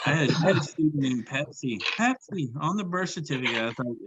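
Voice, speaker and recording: A young man who teaches, doing a stand-up comedy set, halting and self-deprecating, stumbling over restarts and laughing at his own lines. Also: on the high side, animated, a bit bright, a little hiss or hum, poor audio. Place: comedy club stage with audience laughter.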